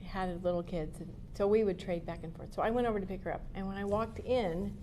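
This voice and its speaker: A woman's voice: mid-range voice, fairly even intonation, fairly quick, dark tone, a little hiss or hum. A woman telling a parenting anecdote to a group, acting out the quotes in her story.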